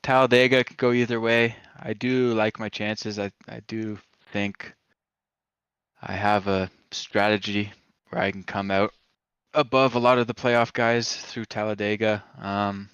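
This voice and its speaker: A Canadian racing driver gives a post-race interview over voice chat, hesitant and full of fillers. His fairly low voice is level, a little slow, a bit bright, and clean-toned, in a dry recording, though the voice chat sounds dull and lo-fi.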